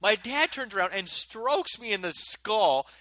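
A man in his thirties, a podcast co-host, telling stories in an animated way and laughing often. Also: high-pitched, a little slow, no room sound. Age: 30s. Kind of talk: casual chat.

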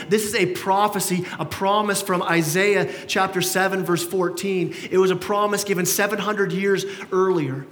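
Animated high-voiced male preacher in a church hall. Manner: animated, acts out quoted voices with rising emphasis. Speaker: pastor. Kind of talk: sermon. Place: church sanctuary.

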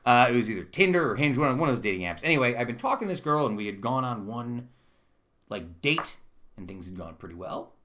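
Young guy on a chat podcast, jokey and self-deprecating, mid-pitched voice. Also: very animated, fast talker, fairly bright tone. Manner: self-mocking storyteller, laughs through his stories. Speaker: podcast co-host. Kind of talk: casual chat.

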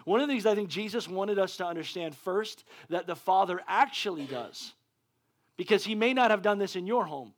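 High-voiced excitable male preacher. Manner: excitable, stammering restarts. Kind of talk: sermon.

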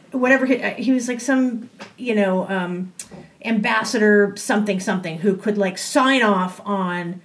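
A young adult woman telling a personal story in a casual way, animated, laughing often and acting out the voices she quotes. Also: mid-range voice, moderate pace.

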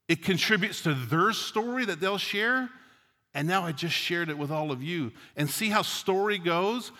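A middle-aged man from Newfoundland delivers a sermon with earnest conviction and easy storytelling asides. His voice is bright and forceful and sits slightly high for a man. It rings out with a long hall reverb from a church sanctuary. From Newfoundland, Canada. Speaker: pastor.

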